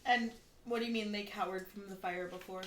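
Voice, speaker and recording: A woman acting as dungeon master, calmly narrating monster attacks and asking for the players' rolls. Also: medium pitch, a little fast, reverberant, a little hiss or hum. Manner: matter-of-fact narration of enemy attacks. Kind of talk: running a tabletop game.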